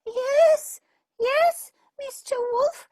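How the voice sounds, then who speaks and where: A woman voicing Red Riding Hood, a scared little girl, in a high childlike voice. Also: big pitch swings, takes it slowly, no echo, studio quality, full character voice. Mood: timid.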